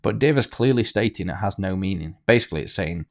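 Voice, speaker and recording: A man's voice: deep voice, lively intonation, fast talker, vocal fry, few pauses. A man teaching a coding tutorial over a screen recording, thinking aloud with fillers and restarts. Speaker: programming tutor.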